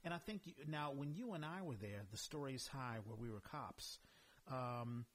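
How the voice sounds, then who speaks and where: Husky-voiced man hosting a podcast. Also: mid-range voice, animated, normal speed. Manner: encouraging, frequent affirming backchannel. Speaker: podcast host, interviewer. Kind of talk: casual interview chat.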